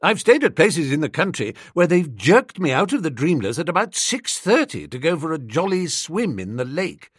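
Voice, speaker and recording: Guy reading a funny audiobook, wry and lively, bit husky, dead dry studio sound. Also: fairly high pitch, moderate pace, hardly any pauses, no echo. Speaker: audiobook narrator. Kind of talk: scripted comic narration.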